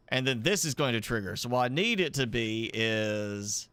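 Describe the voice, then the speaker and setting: A man streaming a game live, thinking aloud as he builds, with halting, self-correcting talk. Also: mid-range voice, animated, fairly bright tone, clear, resonant tone, no room sound. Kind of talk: live gameplay commentary.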